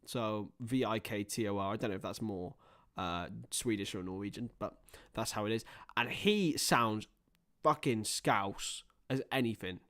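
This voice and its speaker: A young man hosting a live match watchalong, chatting casually and rambling between topics, with excited bursts of play-by-play. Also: lowish voice, unhurried. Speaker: livestream host.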